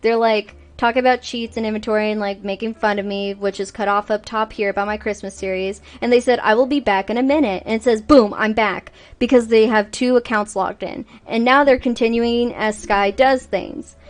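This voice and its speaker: Brief: female VTuber streamer, high-ish voice, exasperated, swears freely while ranting. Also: steady tone, brisk, few pauses. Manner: exasperated, profane storytelling. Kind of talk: casual livestream rant.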